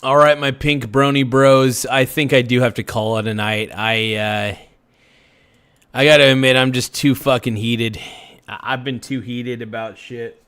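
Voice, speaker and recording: A man's voice: mid-range voice, little pitch movement, unhurried, fairly bright tone, clean tone. A man hosting a casual late-night livestream, rambling and self-reflective, trailing off with fillers and restarts. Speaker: livestream host.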